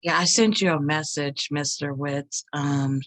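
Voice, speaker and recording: A woman on a video call chatting casually at an open mic, praising a poem with fillers and gushing warmth. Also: deep voice, a little slow, dry recording. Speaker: open mic participant and writing teacher. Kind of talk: casual chat.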